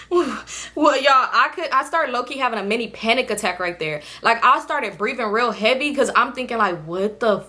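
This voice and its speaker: Sitting under a ring light at home, a young female vlogger shares a slangy, animated storytime. Her voice is a little high, and she keeps a moderate pace.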